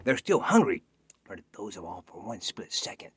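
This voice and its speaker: Husky man telling a scary story. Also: low voice, animated, moderate pace, a bit bright, no room sound. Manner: dramatic, dropping into whispers. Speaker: actor auditioning. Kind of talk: dramatic storytelling. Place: home self-tape.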